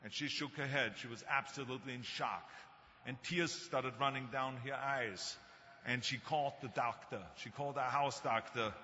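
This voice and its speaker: A man's voice: mid-range voice, fairly even intonation, normal speed, sharp tone. A man in his sixties with a German accent, giving an anecdotal, joking commencement speech with firm emphasis. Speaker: commencement speaker. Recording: echoey hall, dull lo-fi sound, faint noise.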